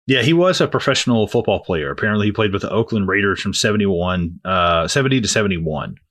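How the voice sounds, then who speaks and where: A man co-hosting a casual movie podcast, animated and swearing freely as he acts out lines from the film. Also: on the low side, quick pace. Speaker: podcast co-host.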